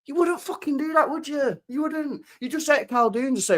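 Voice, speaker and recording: A man's voice: very high-pitched, a little fast, few pauses. A young man, hosting a podcast in a casual, swearing rant full of rhetorical questions. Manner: animated, swears a lot, fires rhetorical questions. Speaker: podcast host.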